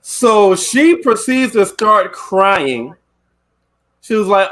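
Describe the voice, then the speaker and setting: A man's voice: high voice, big pitch swings, slow pace, fairly bright tone. A man hosting a casual podcast chat, retelling a video in a loose, rambling way. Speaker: podcast host.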